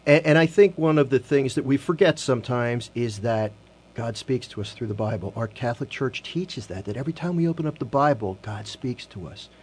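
A man's voice: mid-range voice, lively intonation, breathy edge. Earnest man hosting Catholic radio. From Philadelphia. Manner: earnest, slows down to read scripture softly. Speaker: radio host. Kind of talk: Catholic radio talk and scripture reading. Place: radio studio.

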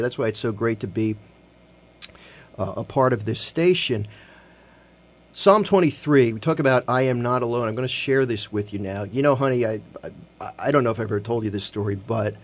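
Earnest man hosting Catholic radio. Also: medium pitch. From Philadelphia. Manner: earnest, slows down to read scripture softly. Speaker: radio host. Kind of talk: Catholic radio talk and scripture reading. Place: radio studio.

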